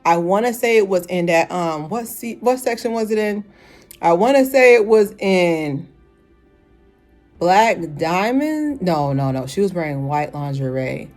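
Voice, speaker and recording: A young woman casually reviewing a fashion show, chatty and animated, with lots of filler words and sudden high exclamations. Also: measured pace, faint music behind. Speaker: vlogger.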